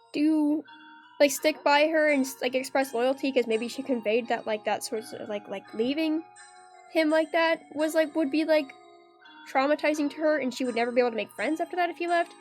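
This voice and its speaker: A young woman with a high, light voice chatting while she streams a game. She rambles casually, leaning on fillers as she thinks aloud. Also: a little fast, soft background music.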